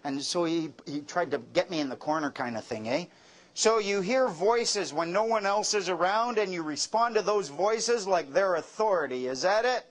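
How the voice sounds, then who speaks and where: A man tells stories to an audience in a wry, joking way, landing his punchlines dry. His speaking voice sits high for a man. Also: lively intonation, moderate pace. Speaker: speaker giving a talk. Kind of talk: storytelling talk with jokes.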